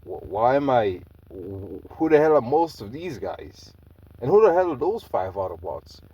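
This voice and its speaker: A man's voice: mid-range voice, very animated, normal speed, slightly rough, recorded from a distance, lo-fi sound. A man voicing a giant male robot monster who stammers in confusion. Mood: baffled. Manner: stammering, baffled.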